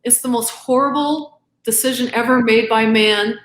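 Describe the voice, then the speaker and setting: A woman's voice: on the high side, fairly even intonation, normal speed, echoey room. A middle-aged woman giving an impassioned interview as a guest author, earnest and emphatic, acting out both sides of arguments. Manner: earnest, emphatic, quotes arguments back and forth.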